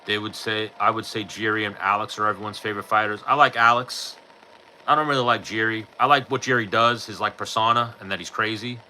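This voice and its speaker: Blunt, sharp-voiced New guy. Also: on the low side, fairly even intonation, brisk, slight background noise, poor audio. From New York. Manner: blunt, profane, offhand. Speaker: podcast host answering live chat. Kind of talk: casual chat.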